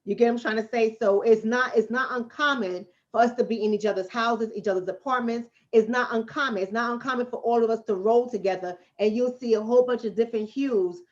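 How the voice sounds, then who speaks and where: Dull audio captures a Bronx, New York City woman hosting a casual livestream as a relationship coach. Her voice is on the high side, fairly even and fairly quick with few pauses, and she answers chat bluntly, streetwise, repeating points for emphasis.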